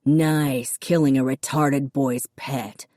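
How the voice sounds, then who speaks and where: Woman voicing a bitter angry dad, resentful, low voice, dry audiobook. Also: fairly even intonation, slow, dark tone, dry recording. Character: bitter, angry poor father, middle-aged man.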